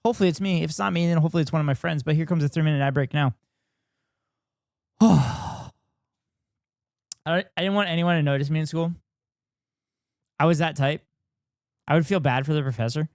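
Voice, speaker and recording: A man's voice: a little high, brisk, creaky, pauses often, a little mellow, dry recording, studio quality. A man live-streaming and chatting with viewers in a rambling, self-deprecating way. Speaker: streamer reacting with chat. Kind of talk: casual live-stream chat.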